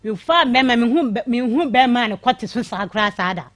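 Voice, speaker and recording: A woman telling a candid personal story on a radio show, emphatic and animated, pleading her case with the host. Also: on the high side, fast talker, dry recording.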